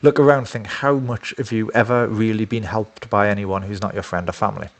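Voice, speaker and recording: A man's voice: fairly low pitch, steady tone, brisk. A man talking in a casual, rambling monologue, blunt and profane with many fillers. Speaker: dating coach.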